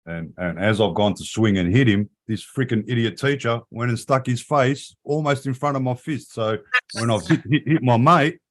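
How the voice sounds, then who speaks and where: A man's voice: medium pitch, moderate pace. A middle-aged man, telling crude, profanity-laden stories in a casual live chat. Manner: crude, profane storytelling with frequent swearing.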